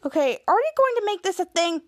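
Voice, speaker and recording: A woman's voice: very high voice, big pitch swings, fast talker, voice pushed up. A woman doing a bratty little girl. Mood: sassy.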